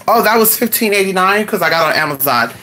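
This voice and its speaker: A woman's voice: medium pitch, expressive, fast, pushed and bright. A woman chatting casually with her viewers, sassy and exclamatory, and she swears freely. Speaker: vlogger. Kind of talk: casual live chat to viewers.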